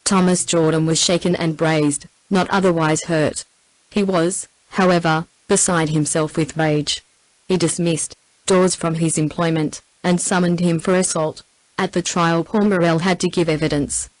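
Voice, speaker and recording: A synthetic woman's voice with an Australian accent reading a novel aloud in an even, scripted narration. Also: on the low side, normal speed, dry recording, low-quality recording. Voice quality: even synthetic text-to-speech delivery. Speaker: audiobook narrator.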